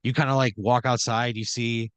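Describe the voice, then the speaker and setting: Man, comedy podcast host, loose filler-heavy improv narration, mid-pitched, dry room. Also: level tone, normal speed, clean tone, no echo. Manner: rambling, filler-heavy second-person narration. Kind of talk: improvised storytelling.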